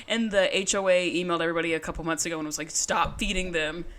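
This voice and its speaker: Bright-voiced woman, profane teasing host. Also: on the low side, steady tone, smooth. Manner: profane, teasing, quick banter with frequent laughter. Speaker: podcast host. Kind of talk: casual chat.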